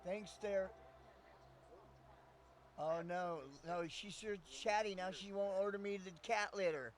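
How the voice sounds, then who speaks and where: A man's voice: high-pitched, fairly even intonation, measured pace, pauses often, slight background noise. A man chatting casually on a live stream, rambling and swearing often, laughing between thoughts.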